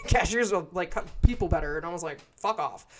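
A woman's voice: lowish voice, animated, normal speed, darkish tone, slight background noise. A woman in her twenties casually telling a story on a podcast, blunt and swearing freely as she acts out what everyone said. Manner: blunt, heavy swearing, acts out quoted dialogue. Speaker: podcast co-host.

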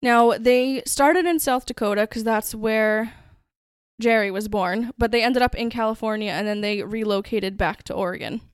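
Smooth-voiced woman hosting a podcast. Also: fairly high pitch, moderate pace, no echo, clean studio sound. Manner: chatty, conversational storytelling. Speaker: podcast host. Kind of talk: casual true-crime podcast narration.

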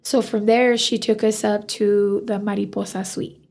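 A woman's voice: medium pitch, moderate pace. A woman, a hairstylist, telling a story in a casual interview and acting out the dialogue. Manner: animated, acts out quoted dialogue. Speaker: hairstylist guest.

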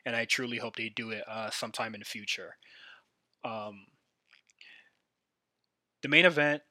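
A man's voice: lowish voice, normal speed, pushed and bright, no room sound, studio quality. A man hosting a solo podcast, giving a casual, rambling recap full of fillers and restarts. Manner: rambling, filler-heavy, enthusiastic fan talk. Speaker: podcast host.

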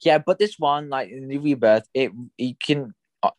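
A man's voice: mid-range voice, moderate pace, dry recording. A young man co-hosting a podcast, talking casually about comics with many fillers and restarts. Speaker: podcast co-host. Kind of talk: casual chat.

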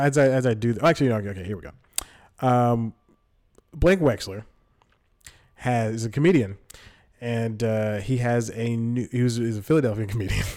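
A man's voice: fairly low pitch, darkish tone. A man in his twenties hosting a solo comedy podcast, rambling through stories with frequent restarts and laughs. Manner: rambling, restarts often, laughs mid-sentence. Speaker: podcast host.

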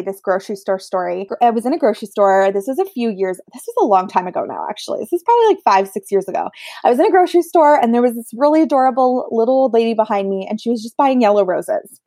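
Woman, medium, casual storytelling, animated, dry close sound. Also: fairly high pitch, no room sound. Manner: animated, acts out quoted voices. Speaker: medium, guest.

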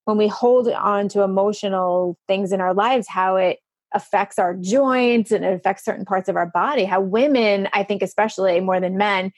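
A woman's voice: medium pitch, moderate pace, no room sound, clean studio sound. A woman in her fifties hosting a casual interview, chatty and self-deprecating, often laughing at herself. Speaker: podcast host.

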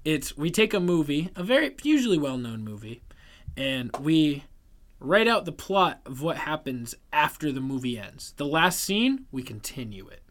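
High-voiced young man, playful podcast host. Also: very animated, normal speed, fairly bright tone, slight background noise. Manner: explains, then argues a point playfully. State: tipsy. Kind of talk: casual comedic banter.

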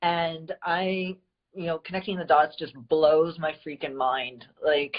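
A woman's voice: deep voice, little pitch movement, unhurried, dull audio. A woman from the United States hosting a live stream, talking in a gushing, heartfelt way with many fillers. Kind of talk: casual live-stream chat.

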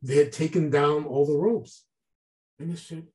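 Man guest, slightly high and warm, animated storyteller who acts out quotes. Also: moderate pace, low-quality recording. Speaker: guest artist. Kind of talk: casual storytelling.

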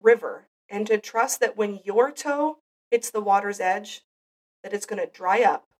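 A woman's voice: mid-range voice, recorded from a distance. A woman hosting a devotional podcast, giving an earnest, heartfelt Bible teaching. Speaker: podcast host.

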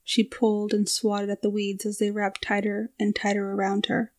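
A woman narrating a scripted story in a steady, even storytelling delivery. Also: mid-range voice, normal speed.

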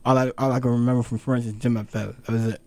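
A man's voice: medium pitch, flat delivery, very fast, a little mellow, clean tone. A young man hosting a podcast, telling a story in a rambling way with lots of fillers and restarts. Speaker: podcast host. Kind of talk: casual chat.

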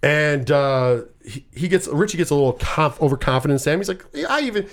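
Brisk and fairly high-voiced, a man casually recaps a movie plot. He curses freely and rambles as he retells the scenes.

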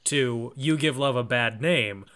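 A man's voice: mid-range voice, a little slow, over a noisy crowd. A young man co-hosting a podcast in casual chat, with dry teasing and playful bits. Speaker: podcast co-host.

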